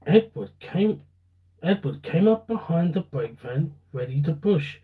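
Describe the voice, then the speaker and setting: A man narrating a children's storybook aloud on a livestream, unhurried and animated. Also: fairly high pitch, narrow, tinny audio.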